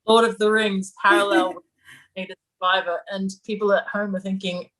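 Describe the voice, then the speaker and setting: A woman's voice: medium pitch, flat delivery, fairly quick, fairly bright tone, poor audio. A young adult woman with an Australian accent tinged by London, chatting casually as a guest in an interview and rambling a little. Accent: Australian, with some London influence. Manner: rambling, chatty, laughs often. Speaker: guest musician.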